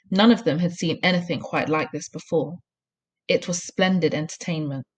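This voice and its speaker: A primary school teacher gives a recorded reading lesson, with clear, encouraging instructions. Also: female voice, fairly low pitch, a little mellow.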